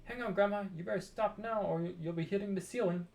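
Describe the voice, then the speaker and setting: A man's voice: high-pitched, brisk, gravelly, darkish tone, voice pushed up. A worried young boy, as a man reads him. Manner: pleading, eager.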